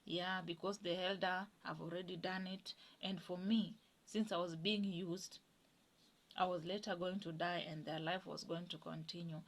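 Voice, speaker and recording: A woman's voice: lowish voice, moderate pace, low-quality recording. A Kenyan woman in her thirties, telling a personal story in an interview and acting out the people she quotes. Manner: animated storytelling, voices quoted people, drops to whispers.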